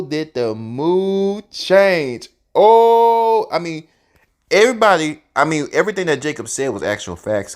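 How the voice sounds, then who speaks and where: Dude telling a story, casual and animated, cusses a lot. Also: male voice, lowish voice. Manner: animated, profane, conversational.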